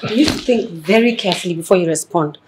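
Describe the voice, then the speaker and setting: A woman's voice: lowish voice, fast talker, noisy background, lightly acted. An actress with a Nigerian accent playing a needy pregnant wife who pleads and nags her husband. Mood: pleading. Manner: pleading and nagging. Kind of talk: Nollywood film acting.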